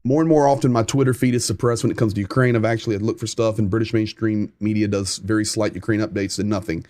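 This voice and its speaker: A man with a Southern American accent hosting a live-stream news update, talking conversationally, reading viewer comments and often pausing with "um.". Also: fairly low pitch, fairly even intonation, warm tone, dry recording, studio quality. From United States.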